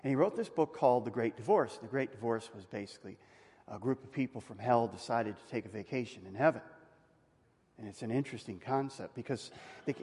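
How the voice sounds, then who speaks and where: A male pastor preaching a conversational sermon, asking the congregation questions and rising to loud emphatic peaks. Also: medium pitch, husky. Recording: long reverb of a hall.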